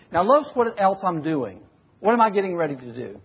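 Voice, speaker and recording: A man's voice: high-pitched, sing-song, brisk, slightly rough. A man preaching a sermon to a congregation, questioning the listeners and acting out examples. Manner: questions the audience and acts out examples. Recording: dull recording with long hall reverb.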